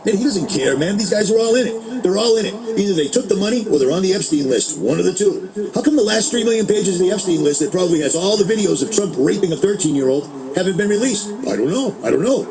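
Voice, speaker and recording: Fired-up man ranting fast. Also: high-pitched, expressive, music in the background, poor audio. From Boston. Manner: heated, indignant, emphatic. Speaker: podcast host. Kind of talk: angry political rant.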